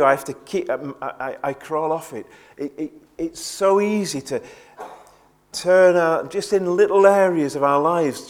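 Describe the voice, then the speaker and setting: A man preaching a sermon in an earnest way, often repeating words as he presses a point. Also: a little high.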